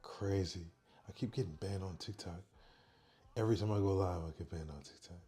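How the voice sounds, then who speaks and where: A low, warm male voice, hosting a casual livestream. He talks softly and calmly into a neck-worn mic, reading out chat messages in an easygoing way. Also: brisk, faint music behind. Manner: soft, quiet, chill talk, reading chat aloud. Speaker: livestream host. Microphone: microphone worn on the neck.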